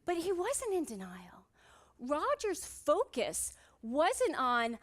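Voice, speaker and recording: A woman's voice: high-pitched, wildly swooping pitch, takes it slowly, fairly bright tone. A woman psychiatrist giving a motivational conference talk on stage, telling humorous stories and asking the audience rhetorical questions.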